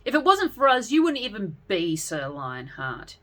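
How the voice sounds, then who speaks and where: A woman voicing a bold young girl knight who speaks forcefully. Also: medium pitch, expressive, normal speed, pitched above the performer's own voice. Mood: angry. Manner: forceful, loud.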